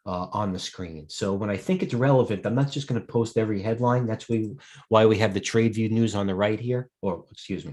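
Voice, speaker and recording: A middle-aged stockbroker hosts live market commentary in a fairly low voice. He sounds tired the whole way through, rambling off on tangents and often stopping to take viewers' questions.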